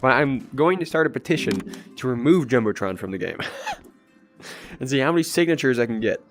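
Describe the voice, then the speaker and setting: Hoarse, congested young man livestreaming. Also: medium pitch, animated, brisk. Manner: rambling, chuckling, talks to chat. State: hoarse, strained voice. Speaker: gaming livestreamer. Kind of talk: casual livestream chat. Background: game music underneath.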